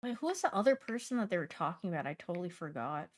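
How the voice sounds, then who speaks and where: A young woman streamer chats playfully with her livestream audience, her voice fairly low and sing-song, and she talks fast. She answers chat while swinging between loud outbursts and mumbled asides.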